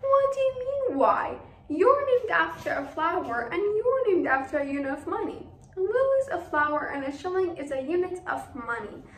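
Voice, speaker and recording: A woman's voice: very high voice, very animated, moderate pace. A teenage actress putting on a fussy old grandmother who primly scolds two girls. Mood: scolding. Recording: echoey hall from far off.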